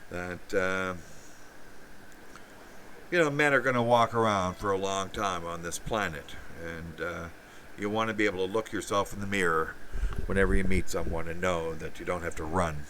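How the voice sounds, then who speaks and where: A man's voice: deep voice, moderate pace, fairly bright tone, far from the mic, a little hiss or hum, low-quality recording. A man hosting a live stream, rambling profanely with many fillers and restarts while reacting to chat.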